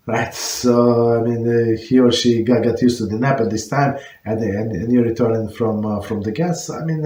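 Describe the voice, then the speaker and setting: Male rabbi, mid-pitched voice, explanatory tone, roomy echo. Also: darkish tone. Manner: explanatory, searching for words. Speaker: rabbi teaching an online class. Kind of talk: answering questions on religious law.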